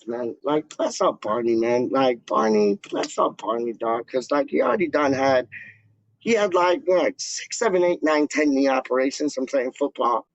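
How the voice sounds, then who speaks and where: Here a man with a fairly high voice hosts a fan channel, talking loosely to camera in slang packed with "like" and "dog" fillers. There's no echo, and the recording comes across dull, dry, and lo-fi.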